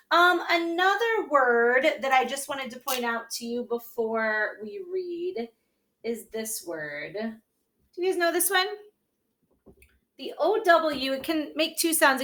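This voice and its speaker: A woman teacher walks young children through a reading lesson, slowing down to sound out words syllable by syllable. Her voice sits a bit high and has a bright, forceful edge. She keeps checking in with a patient "okay?".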